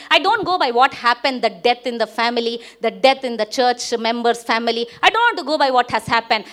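High, bright, emphatic woman preaching. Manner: emphatic, with sweeping swings in pitch and loudness. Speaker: pastor. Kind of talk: sermon.

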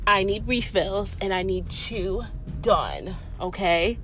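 A woman's voice: medium pitch, slow, fairly bright tone, faint music behind. A woman voicing a tired, pushy young mother at a nail salon, drawling and self-absorbed. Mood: pleading.

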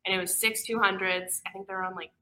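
Young female swimmer, bubbly, bright voice. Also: medium pitch, fast talker, poor audio. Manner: bubbly, animated storytelling. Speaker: swimmer on a team. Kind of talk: casual interview answers.

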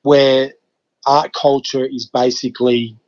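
The laid-back podcast guest, an Australian man in his fifties from Western Australia, tells casual stories slowly in a flat, mid-range voice with a darkish tone. He swears freely and acts out his own reactions, and the recording is muffled.

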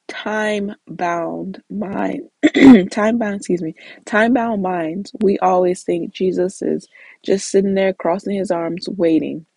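A woman leads a casual Bible study, reading scripture aloud and explaining it conversationally, with frequent "like"s and small restarts. Her mid-range voice is gravelly and mellow with a breathy edge. The audio is poor but has no echo.

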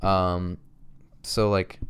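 Low-pitched and smooth, this man drawls his words with little pitch movement. He works at a restaurant and meanders through a story from the job in casual chat, full of "likes" and acted-out quotes.

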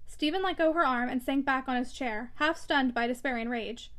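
A woman reading a classic novel aloud in measured, expressive narration. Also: high voice. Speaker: audiobook reader.

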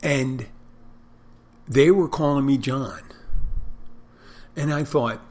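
Husky-voiced man rambling loudly. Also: medium pitch, takes it slowly. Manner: rambling, self-deprecating, loud barking delivery. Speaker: bartender and podcaster. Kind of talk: casual rambling monologue.

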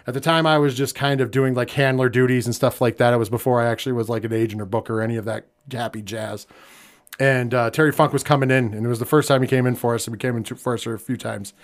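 A man's voice: medium pitch, fairly even intonation, fast talker. Casual American man hosting a podcast. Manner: conversational, many fillers, drops quiet when somber. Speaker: podcast host.

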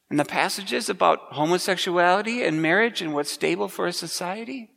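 Male pastor, slightly high voice, earnest emphatic sermon, long church reverb. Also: pushed and bright. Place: church sanctuary.

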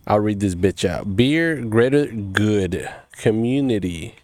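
A young man, co-hosting a casual podcast, loud and full of crude jokes. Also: fairly low pitch, takes it slowly, dry recording. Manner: animated, loud, crude joking. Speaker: podcast co-host. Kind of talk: casual chat over beers and cigars.

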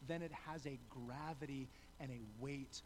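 A man's voice: mid-range voice, moderate pace, a little hiss or hum, low-quality recording. A man preaching a sermon in a conversational way, acting out the characters in the story and often repeating words as he starts a sentence. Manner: conversational, acts out biblical characters with rising excitement. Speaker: pastor.

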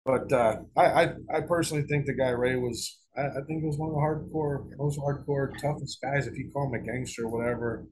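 A middle-aged man spins a story in a loose, casual interview, swearing freely and circling back over his own words. His pitch sits in an everyday middle range. A faint hiss of noise runs under the recording. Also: steady tone, a little fast, few pauses. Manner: rambling, profane, with many restarts. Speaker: guest author.

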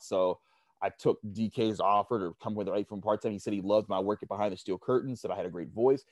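Low-voiced man telling a rambling story. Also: steady tone, a little fast, a little mellow, no echo. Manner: rambling, many restarts and fillers. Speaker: sports media guest. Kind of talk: casual storytelling interview.

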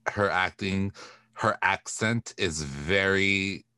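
A man from Corpus Christi, Texas, co-hosts a pop-culture podcast in a loose, chatty way, full of fillers and the odd curse. His voice sits very low but comes across bright and forceful. The sound is dry and close. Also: slow, smooth, no echo. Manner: chatty, with frequent fillers and swearing. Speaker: podcast co-host. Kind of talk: casual pop-culture chat.

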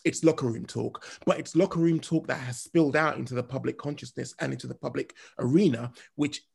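Gravelly husky man, measured talk. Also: mid-range voice, fairly even intonation, a little mellow. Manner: measured, reasoned explanations. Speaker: podcast co-host. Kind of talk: casual podcast discussion.

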